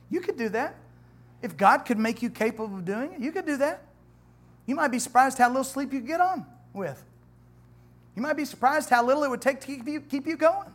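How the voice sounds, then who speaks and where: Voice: medium pitch, moderate pace. A pastor preaching a sermon, joking with the congregation and reading scripture aloud with rising emphasis. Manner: animated, conversational preaching with humor and asides to the congregation. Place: church.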